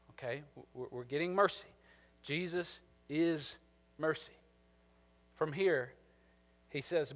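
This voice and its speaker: Long hall reverb surrounds a male pastor in his thirties whose bright voice sits high. He preaches in a conversational style, pausing to check in with his congregation.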